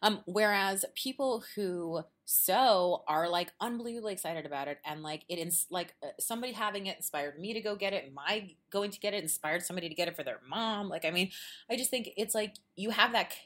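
A woman hosting a podcast in casual chat, animated and quick to act out quoted voices, laughing often. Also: medium pitch. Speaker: podcast host. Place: at a quilt show.

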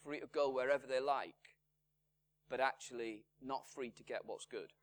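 A man preaching a sermon, measured and emphatic, his voice swinging from strong lines down to hushed, quiet ones. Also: mid-range voice, steady tone. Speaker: pastor. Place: church in Salford.

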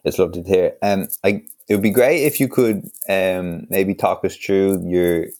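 A man hosting a podcast interview, supportive and thoughtful, pausing as he talks. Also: low voice, darkish tone, no echo, clean studio sound. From Ireland. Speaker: podcast host. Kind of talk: casual interview.

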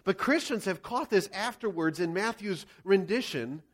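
A male pastor preaching a sermon, acting out scenes and shouting quoted lines. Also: high-pitched, lively intonation, moderate pace.

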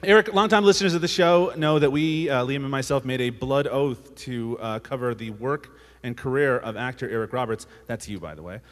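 A man's voice: mid-range voice, fairly quick, few pauses, big-room sound. A man hosting a casual podcast and wrapping up an episode. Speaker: podcast host.

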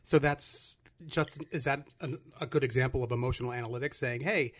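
Deep-voiced woman podcast host, off-mic. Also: fairly quick. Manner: relaxed, brief reactions and questions. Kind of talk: casual podcast conversation.

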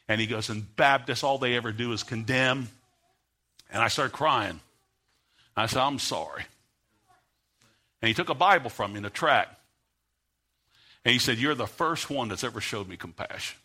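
Bright-voiced man preaching a sermon. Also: mid-range voice. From United States. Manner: builds from quiet storytelling to loud, fervent preaching. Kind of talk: sermon with storytelling.

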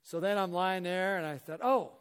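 A middle-aged man from Missouri giving a motivational talk to a hall audience, telling an animated story and acting out the dialogue. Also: high voice, moderate pace, clean tone. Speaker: guest speaker. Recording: echoey hall reverb.

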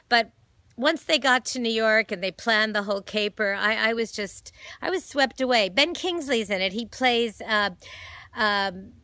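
A woman talks through a film review in a rambling, gushing way, full of ums and quick self-corrections. Her voice is bright and on the high side. It sounds dry and close, with no room around it. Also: no room sound. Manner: chatty, rambling, with frequent fillers and self-corrections; gushing and enthusiastic. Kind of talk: casual film review vlog. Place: home, holding a dog.

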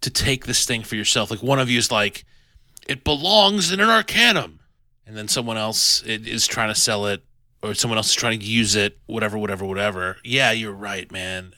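A man hosting a casual podcast chat about a tabletop adventure, animated and self-deprecating, with many restarts. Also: on the low side, dry recording. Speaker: podcast host reviewing an adventure.

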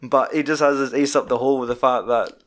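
A young man with a medium-pitched voice talks fast as a podcast co-host in a casual film chat. He retells scenes animatedly, swearing a lot and quoting lines in put-on voices.

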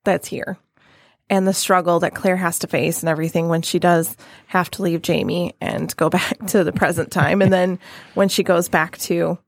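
Woman podcast co-host, lowish voice, loose rambly chat, dry close sound. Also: steady tone, moderate pace, creaky, dry recording. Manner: rambling, many fillers and restarts. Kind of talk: casual chat.

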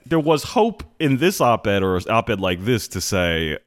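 A man's voice: lowish voice, slow. A man co-hosting a podcast in casual chat, rambling and acting out quotes. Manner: animated, rambling, acts out quotes. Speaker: podcast co-host.

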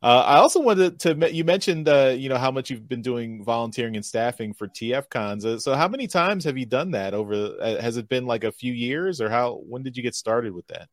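Halting man hosting a podcast. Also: mid-range voice, expressive, dry recording, clean studio sound. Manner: halting, repeats words, friendly asides. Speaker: podcast host. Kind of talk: casual interview.

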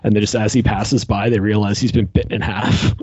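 A man's voice: fairly low pitch, level tone, a little fast, a little mellow, breathy edge, dry recording, dull audio. A man in casual podcast chat, animatedly ranting and exasperated, filling his talk with "like". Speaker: podcast co-host reviewing a movie.

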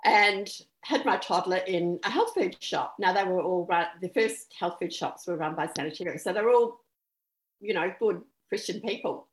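A woman's voice: on the low side, normal speed. A middle-aged woman from New Zealand with a New Zealand accent, telling anecdotes in casual chat. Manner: chatty anecdotal storytelling. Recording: roomy echo.

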